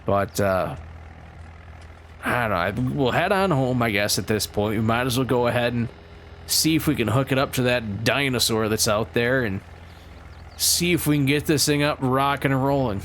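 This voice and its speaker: Folksy guy chatting over a farm game, medium pitch, gets all jazzed, faint game noise behind. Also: normal speed. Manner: folksy, excitable, lots of "you betcha"; chatty and rambling with frequent restarts. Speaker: gaming channel host. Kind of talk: role-play gameplay commentary.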